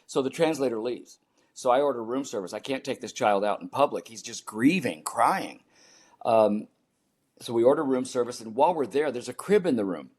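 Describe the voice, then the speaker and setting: A man's voice: medium pitch, animated, normal speed, a little mellow, husky. A man in his seventies, a podcast guest, earnestly telling a personal story and repeating key phrases for emphasis.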